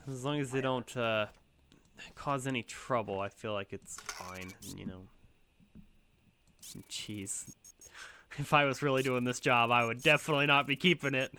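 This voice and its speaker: A man's voice: mid-range voice, fairly quick, background noise. A man hosting a gaming channel, chatting casually over gameplay in a rambling, self-deprecating way full of ums and likes.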